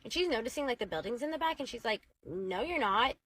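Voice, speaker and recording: A woman's voice: on the high side, animated, very fast. A woman casually recapping a drama-filled story, chatty and dramatic, peppering it with "like". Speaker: storytime narrator.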